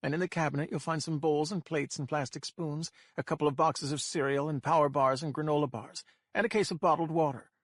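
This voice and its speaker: A man voicing a calm, controlling male kidnapper who talks down to his captive over a speaker. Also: a little high, a little fast, few pauses, dry recording, clean studio sound, voice pushed up, lightly acted. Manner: cold, patronizing, squawking.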